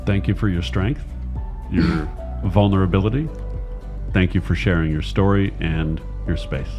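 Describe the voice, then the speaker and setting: A man's voice: sits low, unhurried, dull audio, music in the background. A man hosting a podcast, thanking his guest and reading the show's outro. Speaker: podcast host. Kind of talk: show outro.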